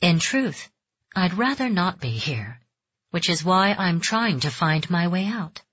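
A woman's voice: a little high, moderate pace, slightly rough, no room sound, pitched above the performer's own voice. A woman voicing a frightened but defiant young noblewoman in a storybook reading. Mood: calm. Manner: tense, defiant, then calm and soft. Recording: dull, dry close recording.

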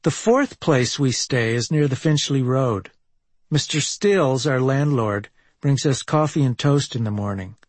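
A man's voice: medium pitch, lively intonation, a little slow, no echo. Wry man reading his memoir. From Minneapolis, US. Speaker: memoir narrator. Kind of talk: reading a personal travel memoir.

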